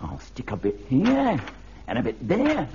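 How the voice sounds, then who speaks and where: A man's voice: medium pitch, wildly swooping pitch, a little slow, darkish tone, a little hiss or hum. An actor playing a breezy, cheeky odd-job workman with a blunt manner in a radio sitcom, heard on a dull archive recording. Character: cheeky Cockney odd-job workman, middle-aged man. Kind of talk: 1970s radio sitcom acting.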